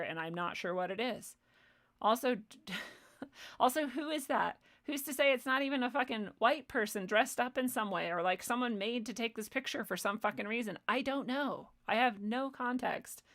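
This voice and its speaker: A woman's voice: mid-range voice, fairly bright tone. A woman streamer ranting in a sarcastic, profane, exasperated way as she hosts her own show. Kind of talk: ranting live-stream commentary.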